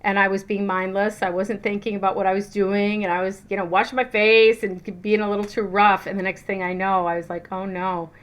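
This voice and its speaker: A middle-aged woman, a spiritual teacher and coach, talking casually to her viewers, chatty and animated, with plenty of fillers and restarts. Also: medium pitch, a little fast, few pauses. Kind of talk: casual teaching talk to camera.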